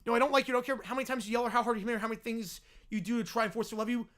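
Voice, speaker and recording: A man voicing a fed-up young woman who quickly and flatly turns down a pest. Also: extremely high pitch. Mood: dismissive.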